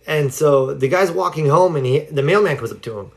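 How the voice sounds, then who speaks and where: A man with a slightly high voice and vocal fry gives a casual self-help talk on a home livestream, speaking briskly. His storytelling rambles, packed with "like" and "you know."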